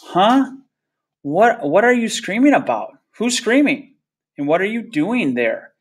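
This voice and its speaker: A man reading aloud voices a brash, cocky teenage football player who scoffs in loud, incredulous outbursts. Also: on the high side, very animated, unhurried. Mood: scoffing.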